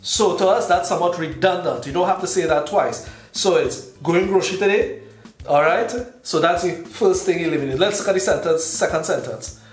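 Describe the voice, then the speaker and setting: A Trinidadian man with a slightly high voice patiently explains things step by step, pausing to check in with his listeners. His voice rings around an echoey room while faint music plays underneath. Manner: patient, methodical, checks in with "all right". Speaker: accent tutorial host. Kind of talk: casual explanatory tutorial.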